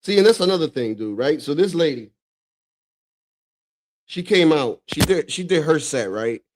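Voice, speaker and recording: A man's voice: a little high, animated, moderate pace, noisy background. A man from the Dominican Republic hosting a stream, reacting to clips in loose, profane chat full of "bro" and frequent laughter. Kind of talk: casual reaction commentary.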